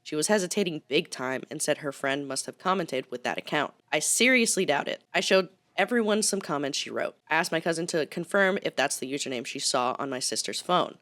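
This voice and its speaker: A woman's voice: low voice, lively intonation, brisk, hardly any pauses, fairly bright tone. A young woman co-hosting a podcast, chatting casually and reading posts aloud with giggly asides. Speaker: podcast co-host.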